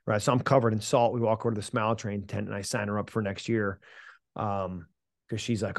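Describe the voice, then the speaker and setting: A man's voice: fairly low pitch, little pitch movement, a little fast, vocal fry, no echo, clean studio sound. A middle-aged man, a mental performance coach, telling a personal story as a podcast guest in a punchy, emphatic way, casually swearing and calling the listener "man". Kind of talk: animated storytelling in an interview.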